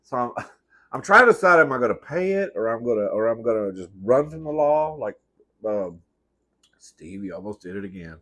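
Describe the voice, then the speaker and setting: Animated and fairly quick, a bit bright and mid-range, this man in his thirties hosts a comedy eating show at home. He eats while telling rambling, self-correcting, sassy stories full of swearing, and he keeps calling his listeners "girl."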